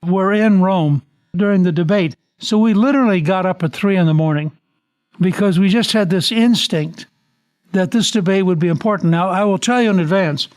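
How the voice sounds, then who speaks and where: A man hosting an interview podcast, speaking in a measured, deliberate way with personal asides. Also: high-pitched, darkish tone. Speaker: podcast host.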